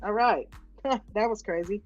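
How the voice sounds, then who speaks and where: A woman's voice: mid-range voice, measured pace, no room sound, faint music behind. A woman hosting a casual live stream, upbeat and greeting viewers one by one. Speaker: livestream host. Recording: dull, lo-fi stream audio.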